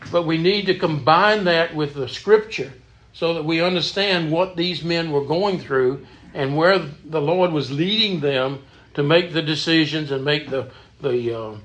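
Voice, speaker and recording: A man's voice: on the high side, measured pace, a bit bright. A man leading a church Bible study in an earnest, emphatic teaching manner, often repeating words as he goes.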